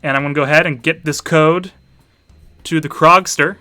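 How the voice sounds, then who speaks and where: A man hosting a livestreamed party game for his students, casual and deadpan. His voice sits a bit high with a bright, forceful tone. It is close-miked in a dead, dry space with faint music underneath. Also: normal speed, no room sound. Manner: dry, offhand asides while setting up.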